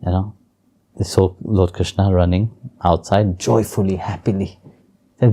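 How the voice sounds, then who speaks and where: Soft-voiced man telling a devotional story. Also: low-pitched, fairly even intonation, a little slow, long pauses. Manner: gentle storytelling with soft chuckles, non-native phrasing. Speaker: spiritual teacher. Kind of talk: storytelling and spiritual teaching in an interview.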